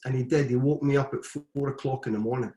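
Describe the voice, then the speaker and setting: A middle-aged man spins football yarns in a casual, animated voice of medium pitch, stumbling and restarting as the stories tumble out. The recording carries a roomy echo. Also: fast. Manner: anecdotal, animated retelling with frequent restarts. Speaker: guest, former footballer and coach. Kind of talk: casual storytelling.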